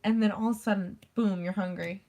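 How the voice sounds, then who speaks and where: A woman's voice: mid-range voice, steady tone, brisk, dark tone. Woman just chatting to the camera, rambly, says like a ton, swears casually. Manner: rambling, full of "like" fillers. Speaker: vlogger. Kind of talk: casual chat.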